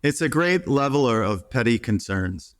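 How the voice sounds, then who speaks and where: In a reflective interview, a middle-aged U.S. psychotherapist talks earnestly at a moderate pace, his mid-range voice swinging widely in pitch. He frequently restarts and performs quoted voices, and there's no room sound.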